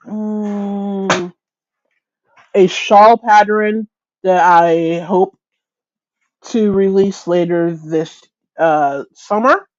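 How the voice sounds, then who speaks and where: A woman's voice: medium pitch, dull audio. A woman hosting a casual crochet chat livestream, greeting viewers by name, chatty and self-deprecating, often restarting her sentences. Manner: frequent restarts and stumbles.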